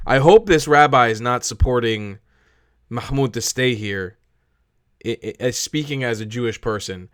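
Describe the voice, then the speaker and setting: A man's voice: mid-range voice, moderate pace, fairly bright tone, clean tone, dry recording, studio quality. A man hosting a reaction video, angry and swearing as he rants at a clip. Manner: swearing, angry, repeats himself. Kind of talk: heated reaction commentary.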